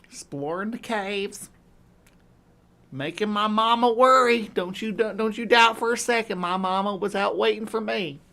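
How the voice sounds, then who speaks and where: A woman's voice: medium pitch, unhurried, a bit bright, pitched above the performer's own voice. A woman voicing a backwoods country girl with a put-on American Southern accent, talking in a playful drawl.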